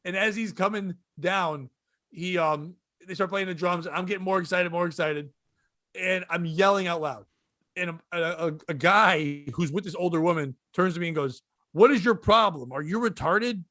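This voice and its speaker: High-pitched comedian guy telling a wild story, keeps cracking himself up. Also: fairly even intonation, normal speed, pushed and bright, no echo. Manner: rowdy, laughing through his own story. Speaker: comedian guest. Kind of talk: storytelling on a podcast.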